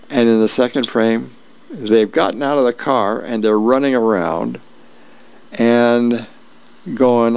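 A middle-aged man volunteering as a reader, reading newspaper comics and celebrity birthdays aloud in a friendly, unhurried way with small asides. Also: medium pitch, vocal fry, a little mellow, smooth.

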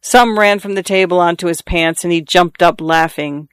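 Smooth-voiced male audiobook narrator. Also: high-pitched, no echo. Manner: measured, expressive storytelling.

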